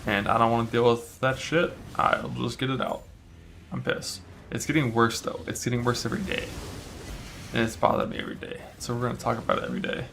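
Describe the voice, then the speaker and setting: A man's voice: mid-range voice, fairly even intonation, quick pace, gravelly, a bit bright, slight background noise. A male game streamer chatting casually and profanely while he plays, rambling with many fillers and annoyed by a broken retainer in his mouth. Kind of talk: casual live-stream chat while playing.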